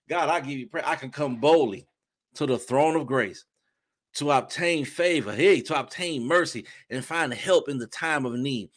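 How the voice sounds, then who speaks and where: A man preaching a fervent testimony sermon, with sudden loud bursts of praise between softer reflective stretches. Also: on the high side, expressive, moderate pace. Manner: shifts between soft reflection and shouting. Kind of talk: impassioned sermon.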